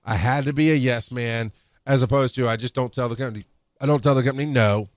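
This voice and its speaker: A middle-aged EMS instructor rambles through work stories into a podcast mic, restarting often and acting out quotes in casual storytelling. His medium-pitched, slightly mellow voice is steady in tone and fast, captured in clean studio sound with no echo.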